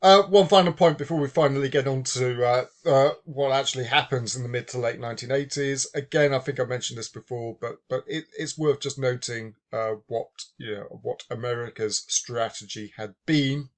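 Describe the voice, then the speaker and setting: A man's voice: medium pitch, normal speed, few pauses. A man giving a university lecture, thinking aloud with many fillers and restarts. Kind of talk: recorded lecture.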